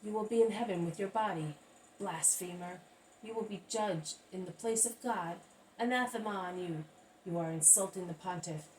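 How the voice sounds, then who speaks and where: A woman's voice: on the low side, moderate pace, lightly acted. A woman reading as angry, accusing male scholars. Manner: loud and accusing. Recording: distant mic, faint background hiss.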